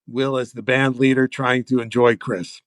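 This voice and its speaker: A man's voice: mid-range voice, level tone, moderate pace, no echo, studio quality. A man, a comedy writer, reading an old sketch script aloud and laughing as he goes. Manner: amused, laughing as he reads. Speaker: comedy writer, podcast guest.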